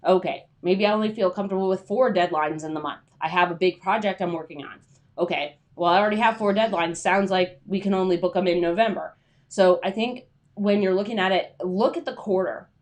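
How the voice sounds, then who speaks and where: A woman's voice: lowish voice, brisk. A young adult woman hosting a casual livestream, chatty and rambling with lots of filler words. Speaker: freelance writer hosting a livestream.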